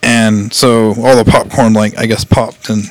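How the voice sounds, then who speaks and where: A man's voice: on the low side, flat delivery, measured pace, dry recording. A man chatting casually, retelling a story in a rambling way and laughing as he goes. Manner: rambling, laughs often, quotes characters in voices. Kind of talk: casual chat retelling an anime plot.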